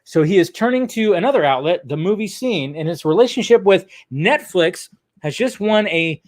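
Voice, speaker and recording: High-voiced, rambling man. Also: expressive, moderate pace, a little mellow. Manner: rambling and loose, swearing, laughing often. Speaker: movie news channel host. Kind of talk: casual livestream commentary.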